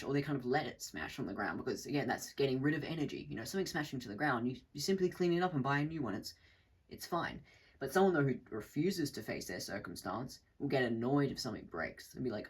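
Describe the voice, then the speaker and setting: A man's voice: medium pitch, breathy edge, poor audio. A man talking off the cuff in a casual monologue, rambling with restarts and swearing, now and then acting out other people's voices. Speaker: channel host.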